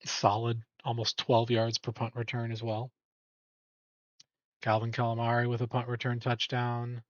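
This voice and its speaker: A man's voice: mid-range voice, completely flat delivery, normal speed, no room sound. Chatty man hosting on dull audio. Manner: rambling, self-correcting, chatty. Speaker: awards show host. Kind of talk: casual awards commentary.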